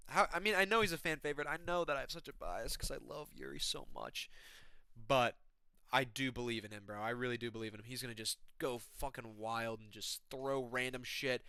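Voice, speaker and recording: A man ranting casually with excitement and heavy profanity, giving his fight predictions as the host of a mixed martial arts channel. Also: medium pitch, clear, resonant tone, no room sound. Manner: excitable, profane, slangy fan talk.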